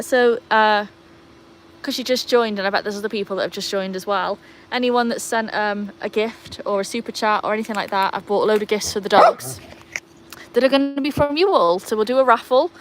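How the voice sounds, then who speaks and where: A woman's voice: mid-range voice, brisk, slight background noise. A woman hosting a casual livestream in her garden, chatting to viewers while fussing over her dogs. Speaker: livestream host. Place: outdoor garden.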